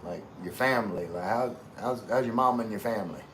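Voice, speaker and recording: A middle-aged man from Louisiana with a Southern accent hosts a casual livestream, reading comments and greeting viewers by name in a laid-back drawl. His voice is lowish, brisk and a bit bright, with slight background noise.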